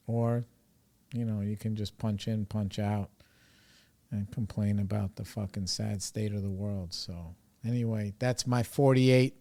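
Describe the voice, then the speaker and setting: A man's voice: medium pitch, darkish tone. A man from New York with a New York accent, hosting a recovery podcast in a casual, rambling monologue, loose and profane, full of "you know" and "like.".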